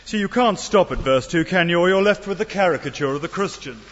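A man's voice: high voice, lively intonation, quick pace, fairly bright tone. Preacher man in a reverberant hall. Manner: earnest, rhetorical questions, wry asides. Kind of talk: sermon. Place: church. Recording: dull sound in a long-reverb hall.

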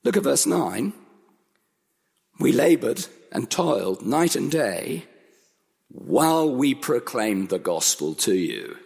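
A man preaches an earnest sermon with a gravelly, slightly husky voice that swings widely in pitch. He presses his points by repeating them. A long hall reverb trails his words. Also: very animated, takes it slowly, darkish tone. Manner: earnest, emphatic, building repetition.

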